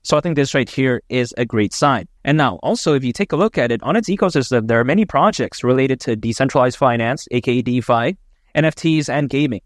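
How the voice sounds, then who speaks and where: Enthusiastic and chatty, a man hosts a casual, opinionated crypto video, leaning on plenty of filler words. His medium-pitched voice is expressive and fairly quick, captured in studio quality with no echo.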